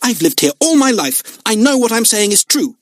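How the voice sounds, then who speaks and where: A man voicing a harsh, loud, superstitious woman in an audiobook, full of ominous warnings. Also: high voice, very animated, normal speed, no room sound, studio quality, pitched above the performer's own voice. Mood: indignant. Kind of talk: audiobook character voice.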